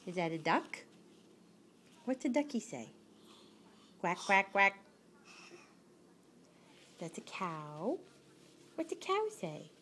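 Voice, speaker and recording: A woman's voice: fairly low pitch, very animated, a little slow, long pauses, a little hiss or hum. A woman talking baby talk to a toddler at home, coaxing him and making animal noises in a sing-song way. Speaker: parent.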